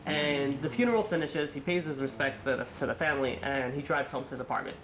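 A man, a rabbi, telling a long story in a sermon, animated and full of fillers, acting out the people in it. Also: fairly high pitch, fast, echoey room, slight background noise. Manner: animated, acts out quotes, many fillers.

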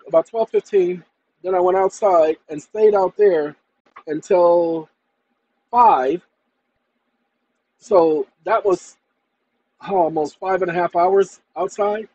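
A tired man rambling through a casual computer tutorial, often addressing "ladies and gentlemen". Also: sits high, breathy edge, lo-fi sound. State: tired after a long day. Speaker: channel host. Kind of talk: casual screen-share tutorial and monologue.

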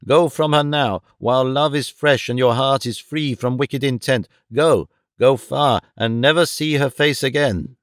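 A man voicing a stately, commanding middle-aged fortune-teller queen in an audiobook, speaking slowly and gravely. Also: medium pitch, no room sound, studio quality, natural voice. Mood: stern, ominous. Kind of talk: audiobook reading.

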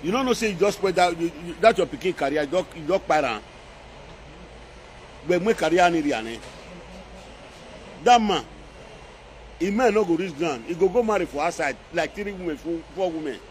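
A man's voice: on the high side, animated, normal speed, long pauses, a little hiss or hum. Scolding Nigerian Pidgin-speaking man. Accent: Nigerian Pidgin English. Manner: scolding, repetitive, mocking. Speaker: social media commentator. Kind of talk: scolding live-video rant.

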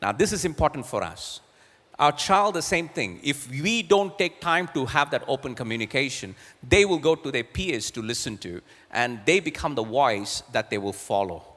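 A man's voice: mid-range voice, expressive, normal speed, a bit bright. A middle-aged man preaching as a pastor, earnest, sometimes repeating words as he searches for a phrase. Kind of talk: sermon. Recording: long hall reverb.

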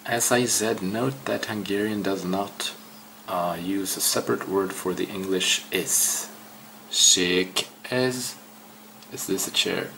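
Slow, low-voiced man. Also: creaky, bright, forceful tone, slight background noise. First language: Swedish. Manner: hesitant, repeats words aloud slowly. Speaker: language learner. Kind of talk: casual self-study walkthrough.

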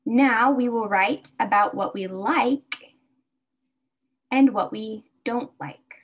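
Very slow-speaking woman teaching English. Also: on the high side, husky. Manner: slow, careful, repeats words for learners. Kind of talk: slow beginner English lesson.

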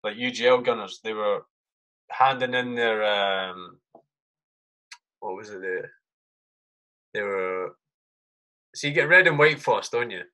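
Man, thirties, army sergeant guest, sharp bright voice, casual, swears constantly, acts out his own reactions. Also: fairly low pitch, unhurried, pauses often. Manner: swears a lot, says "mate" often. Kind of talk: casual storytelling.

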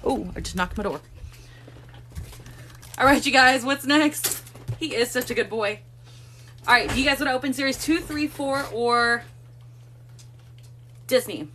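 A woman chats casually on a live stream from a room at home, slipping into cooing baby talk for her cats. Her voice sits a little high and sounds bright and forceful. A faint hum runs under the phone recording. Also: measured pace, long pauses.

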